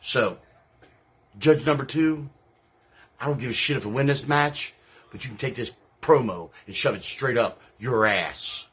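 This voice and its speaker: A man acting as a salty veteran wrestler cutting a trash-talk promo, brash and contemptuous. His voice is husky and breathy, and he swears freely as he taunts his rivals. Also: medium pitch, animated, measured pace, fairly bright tone. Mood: scornful.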